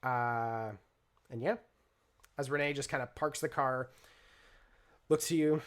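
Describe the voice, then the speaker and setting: A man narrating a tabletop role-play game as game master, relaxed and rambling, with lots of fillers. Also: mid-range voice, measured pace, long pauses.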